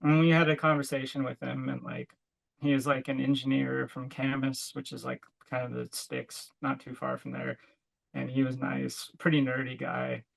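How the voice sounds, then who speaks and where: Over a rough recording, a young man co-hosting a podcast speaks at normal speed in a creaky mid-range voice with a completely flat delivery. In casual chat he tells rambling stories stuffed with "like," sometimes laughing as he goes.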